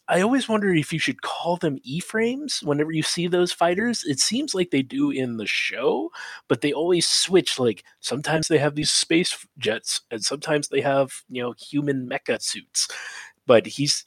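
A man casually recapping episodes of a show on a podcast, rambling with restarts and quick laughing asides. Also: on the high side, lively intonation, husky, no room sound. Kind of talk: casual chat.

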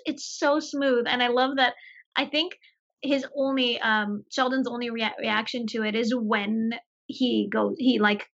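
A woman co-hosting a casual movie podcast, enthusiastic and quick to laugh. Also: fairly high pitch, gravelly, a bit bright. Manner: giggly, enthusiastic, laughs often. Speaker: podcast co-host. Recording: dull lo-fi audio.

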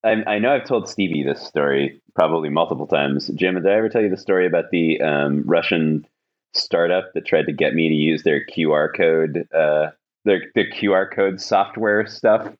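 A man's voice: low voice, moderate pace, highs cut off. A man hosting a podcast, telling a long anecdote in casual chat, rambling with many fillers and restarts. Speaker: podcast host.

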